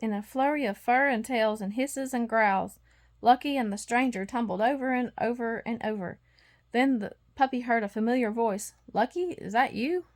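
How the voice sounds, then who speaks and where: A woman with a fairly high voice reads a children's bedtime story aloud. She narrates expressively and voices the sound effects herself. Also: moderate pace. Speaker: storybook reader.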